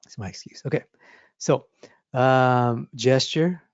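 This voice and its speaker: In his forties, this art instructor leads a drawing lesson with a live demonstration, walking through examples with enthusiastic, repetitive emphasis and small sound effects. His mid-range voice moves slowly. The recording is dry, with the highs cut off.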